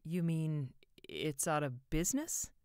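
A woman's voice: low-pitched, slow pace, a little mellow, clean tone, no room sound, clean studio sound. A woman reading as an anxious young man. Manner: breathless, hesitant.

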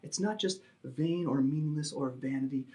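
Male pastor, sermon delivery, emphatic teaching, slightly high voice, uses fillers. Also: normal speed, darkish tone.

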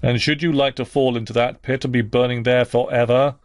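A man voicing a stern older clergyman with a solemn, harsh manner, asking grave questions slowly. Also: medium pitch, steady tone, no echo, natural voice.

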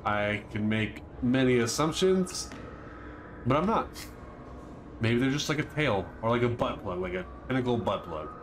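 A man playing a horror game and commenting on it with jokes, breaking into panicky yelps and shouts when something startles him. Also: medium pitch, expressive, moderate pace, noisy background. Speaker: let's play gamer.

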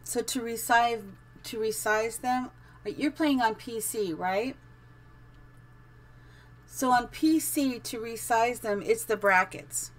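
A woman's voice: a little high, slow, pauses often. A middle-aged woman casually commenting on her live-streamed building game, chatty and giggly, thinking aloud as she goes.

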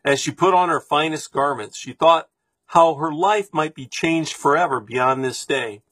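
Husky man reading a storybook aloud. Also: a little high, unhurried, fairly bright tone, no room sound. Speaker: reader.

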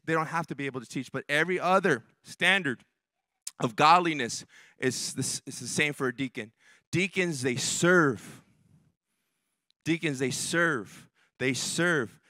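A man's voice: on the high side, sharp tone, no room sound. A male pastor preaching a sermon in a church, emphatic and direct with the congregation, often repeating his key phrases. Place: church sanctuary.

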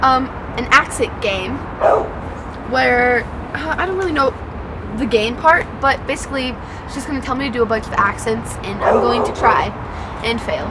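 A woman's voice: a little high, animated, normal speed. A young woman vlogger chatting casually outdoors, giggly and self-mocking, laughing often. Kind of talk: casual vlog chat. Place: outdoors by a train line and highway. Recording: loud outdoor noise of rain and traffic. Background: light rain, passing train and traffic.

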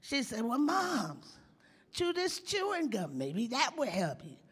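A woman's voice: on the high side, huge pitch swings, slow pace, slightly rough, full character voice. An actress playing a bawdy older woman comedian, telling teasing stories in a live stage comedy monologue. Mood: storytelling. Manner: bawdy, teasing, drawls and chuckles through punchlines. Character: sassy old woman comedian, bawdy storyteller. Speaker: stand-up comic in a stage play. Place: large theater stage with audience. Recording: long reverb of a large hall.

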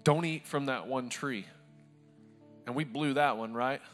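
A man's voice: medium pitch, unhurried, faint music behind. A male pastor preaching a sermon to a live church congregation, telling stories in a conversational, humorous way.

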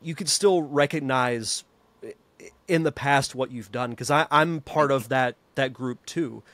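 A male podcast host talks with his guest in a friendly, casual way, leaning on "you know" as he goes. His voice is mid-pitched and sounds close and dry, with no room around it. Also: measured pace, fairly bright tone, no room sound. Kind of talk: casual interview chat.

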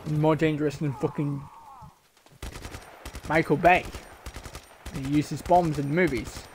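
A man's voice: fairly high pitch, steady tone, measured pace, a little hiss or hum. A man streaming a game live, swearing constantly and grumbling in frustration as he plays. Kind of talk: live gameplay commentary.

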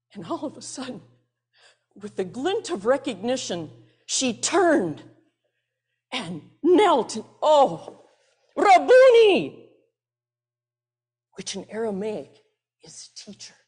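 A woman pastor tells a Bible story slowly and expressively during a sermon, now and then dropping to a hushed near-whisper. Her voice is slightly high, with a soft, breathy, husky texture. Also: sing-song.

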